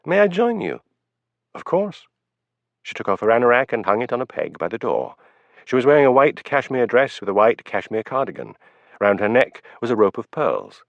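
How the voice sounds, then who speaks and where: A man narrating an audiobook in a measured storytelling manner, in a dull, dry recording. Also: medium pitch, big pitch swings, creaky, dry recording. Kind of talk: scripted narration.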